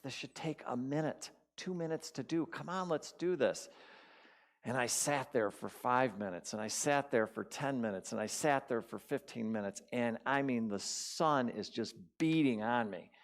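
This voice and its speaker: Casual, storytelling man giving a spiritual talk. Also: medium pitch. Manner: casual, repeats words for emphasis. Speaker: spiritual community speaker. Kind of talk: conversational sermon with personal stories.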